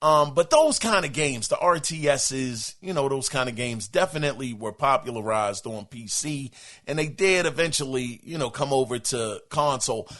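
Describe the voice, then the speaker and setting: A man's voice: mid-range voice, normal speed, fairly bright tone. A man hosting a podcast, reading a listener email in casual chat, exclaiming, laughing and stammering as he talks. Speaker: podcast host.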